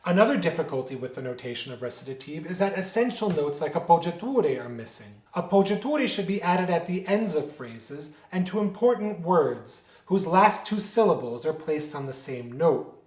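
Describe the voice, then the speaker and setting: Male music teacher, slightly high voice, patient explainer who asks and answers his own questions, echoey room. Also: big pitch swings, moderate pace, darkish tone. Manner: explanatory, poses rhetorical questions and answers them. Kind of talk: instructional lecture. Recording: roomy echo.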